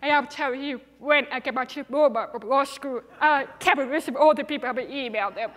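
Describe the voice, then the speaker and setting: A woman's voice: high-pitched, fairly quick, fairly bright tone. A young woman with a deaf speaker's accent, giving an earnest, emphatic inspirational talk on stage. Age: young adult. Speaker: TEDx speaker. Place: large hall. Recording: reverberant hall.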